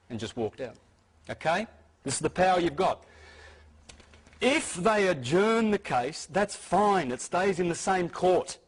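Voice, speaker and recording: A man's voice: fairly high pitch, expressive, moderate pace, breathy edge, rough recording. A man giving an informal lecture to an audience, talking emphatically and insistently, often restarting and repeating words. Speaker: speaker giving a talk.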